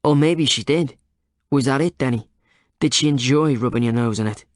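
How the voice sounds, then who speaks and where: A man reading as a hard-edged police detective in an audiobook, sliding between reasonable coaxing and cold accusation. His delivery is dry and close, at an ordinary middling pitch, with no room around it. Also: normal speed, no room sound, natural voice. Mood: insinuating. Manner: needling interrogator, shifts from reasonable to accusing. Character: male police detective, coaxing then menacing.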